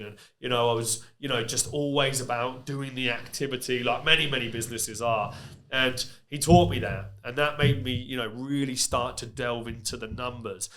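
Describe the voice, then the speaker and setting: A man, a podcast guest who runs a construction business, telling candid stories and often filling pauses with "you know" and "yeah". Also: medium pitch. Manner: candid, lively anecdotes with frequent fillers like "you know" and "yeah". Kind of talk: casual podcast interview storytelling.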